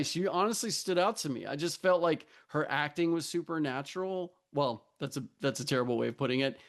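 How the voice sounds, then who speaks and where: A man co-hosting a movie podcast, chatting casually and earnestly with a lot of enthusiasm and frequent laughter. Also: fairly high pitch. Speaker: podcast co-host. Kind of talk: casual film podcast chat.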